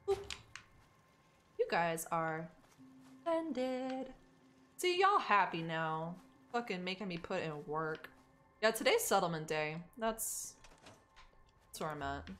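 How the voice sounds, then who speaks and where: A woman streamer thinks out loud through a game and chats with her viewers, with a lively voice that swings up and down. She swears casually and mutters to herself as she plays. A faint hiss sits under the audio. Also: mid-range voice. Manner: casual, profane, talks to herself and chat. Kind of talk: live-streamed gameplay chat with viewers.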